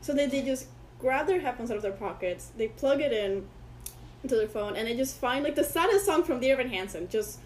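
Woman guest, spanish is her first language, kinda high voice, rambly storytelling, faint hiss. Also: lively intonation, a little fast, a little mellow, poor audio. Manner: rambling storyteller who acts out quoted people. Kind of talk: casual interview chat.

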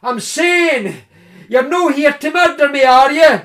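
A man voicing a big, bearded, jovial male tree surgeon with a Scottish accent, loud and teasing. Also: very high-pitched, expressive, slow, pitched above the performer's own voice, exaggerated voice. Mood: bellowing.

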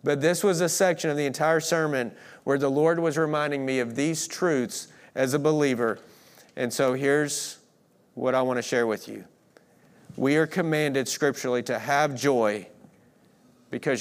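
A man preaching a sermon, earnest, swinging between emphatic declarations and hushed moments. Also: medium pitch. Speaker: pastor.

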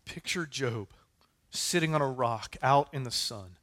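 A man's voice: medium pitch, a little slow, fairly bright tone. A man preaching a sermon in a conversational way, with casual fillers and asides. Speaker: pastor.

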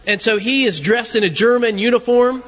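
High-pitched guy preaching, tells it like a story, trips over his words a lot, big echoey hall. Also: a bit bright. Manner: halting, repeats words often as he tells a story. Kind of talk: sermon told as a conversational story. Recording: long reverb of a large hall.

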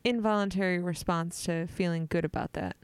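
Smooth-voiced, easygoing podcast co-host woman. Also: lowish voice, steady tone, fairly quick, no echo. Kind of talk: casual podcast chat.

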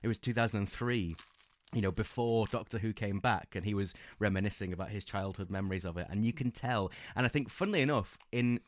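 A man's voice: fairly low pitch, fast talker, few pauses, no echo. A man co-hosting a podcast, chatting casually and enthusiastically about books, with lots of fillers and restarts. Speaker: podcast co-host. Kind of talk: casual book-club chat.

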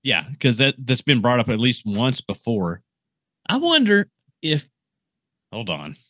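A man casually hosts a podcast, recapping a movie scene in a loose, rambling way, full of fillers and false starts. His voice sits at an average pitch. The recording is dry and a little dull. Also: animated, moderate pace, dry recording. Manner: rambling, filler-heavy storytelling. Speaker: podcast host.

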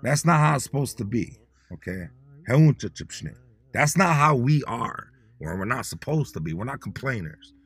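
A man's voice: medium pitch, gravelly, fairly bright tone, husky. A man giving a casual motivational talk, slangy and repetitive, coaching listeners to repeat words with him. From Dakota people. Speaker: motivational speaker teaching Dakota words.

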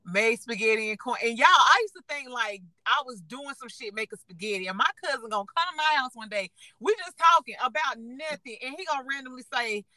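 A woman's voice: fairly high pitch, animated, a little fast, few pauses, pushed and bright, no echo, poor audio. A young woman, chatting frankly and profanely as a podcast co-host, often laughing as she tells stories. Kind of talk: casual chat.

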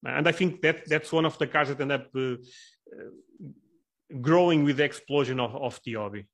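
Man, podcast host, hesitant, restarts often, mid-range pitch. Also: normal speed, a bit bright. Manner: hesitant, many restarts and fillers. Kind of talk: casual podcast interview.

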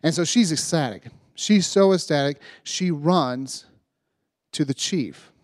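Animated man telling a sermon story. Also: fairly high pitch, unhurried, no echo, clean studio sound. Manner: animated retelling, acting out voices, frequent "right?". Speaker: youth preacher.

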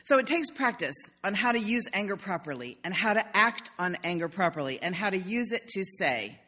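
A woman's voice: medium pitch, big pitch swings, fairly quick, few pauses, bright, forceful tone. Older woman, pastor, conversational sermon, humorous storytelling, church.

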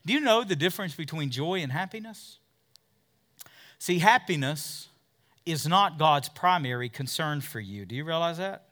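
A male pastor preaching a fervent sermon, drawing call-and-response from the congregation and swinging between loud peaks and hushed asides. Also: fairly high pitch, expressive, normal speed. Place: church service with a congregation.

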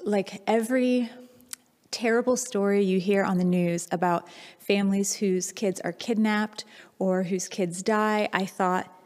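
A woman's voice: medium pitch, steady tone, unhurried, darkish tone. A woman in her thirties, a pastor, preaching a sermon and telling a personal story in a candid, reflective way. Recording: long hall reverb.

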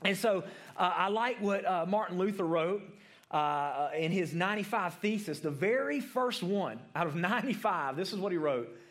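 A man's voice: high voice, animated, normal speed, fairly bright tone. A man giving a conversational sermon to adults, often asking the room questions and ending points with "right?", with many repeated words and restarts. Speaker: preacher.

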